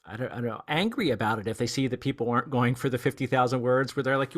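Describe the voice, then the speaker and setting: Male podcast host, relaxed and chatty, asking the guest questions. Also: medium pitch, quick pace. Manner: easygoing, chatty, with self-deprecating asides. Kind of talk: casual interview chat.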